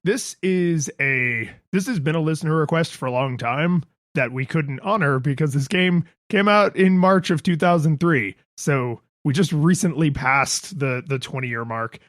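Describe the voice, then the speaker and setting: A man's voice: on the high side, normal speed, few pauses, fairly bright tone, no room sound, studio quality. A man co-hosting a casual podcast chat who rambles, makes fun of himself and acts out quotes in a raised voice. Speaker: podcast co-host.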